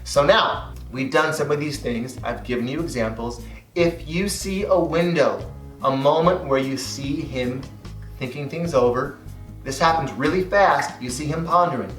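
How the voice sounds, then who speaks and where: A man's voice: fairly high pitch, normal speed, fairly bright tone, roomy sound, recorded from a distance, soft background music. A man teaching listeners how to talk to police officers, speaking in an emphatic coaching way and acting out lines he quotes. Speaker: hypnotist teaching verbal techniques. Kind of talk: direct-to-camera instruction.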